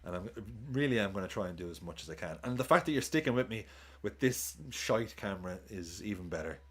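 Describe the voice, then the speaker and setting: A man's voice: low voice, lively intonation, fast talker, breathy edge. A man streaming a live football watchalong, chatting casually, swearing, cheering goals and thanking viewers for tips.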